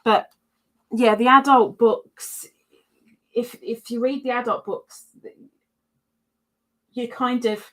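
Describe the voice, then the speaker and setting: Woman, livestream host; relaxed, rambling chat through viewer comments, slow delivery. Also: a little high. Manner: chatty, rambling, frequent "um"s.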